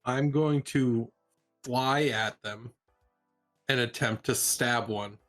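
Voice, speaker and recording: Male player, slow and hesitant, soft music. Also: medium pitch. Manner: hesitant, laughs at himself. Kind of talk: casual tabletop play.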